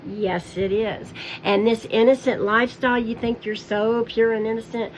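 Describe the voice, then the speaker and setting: A woman's voice: fairly high pitch, fairly even intonation, moderate pace, slight background noise, low-quality recording. A woman calling someone out in a confrontational, scolding commentary aimed straight at the person she accuses. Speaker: commentary vlogger. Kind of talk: angry call-out commentary.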